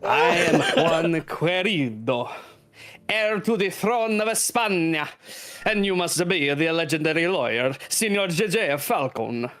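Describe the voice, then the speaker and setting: A man's voice: on the high side, animated, measured pace, a bit bright, voice pushed up. A man voicing a flamboyant, pompous male fox prince with a put-on mock Spanish accent and flowery, over-polite speech. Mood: grandiose.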